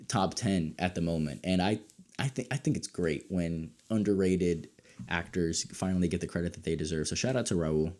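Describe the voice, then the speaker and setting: A young man with a low, dark-toned voice reviews a show casually and excitably. He drops into soft mutters, then bursts out loud and high. His pitch sits deep, and his tone stays mellow. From United States. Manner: excitable, animated, swings between low mutters and loud outbursts. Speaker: podcast host reviewing a show.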